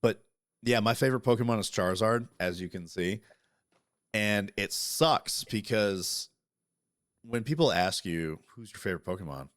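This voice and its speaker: A man chatting casually as a podcast co-host, animated and profane, talking over interruptions. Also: on the low side, measured pace, no room sound, clean studio sound. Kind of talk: casual chat.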